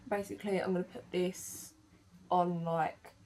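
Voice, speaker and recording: A woman's voice: medium pitch, measured pace, slight background noise. A woman chatting casually through a makeup demo, with lots of fillers and self-corrections. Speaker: beauty vlogger. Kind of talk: makeup tutorial chat.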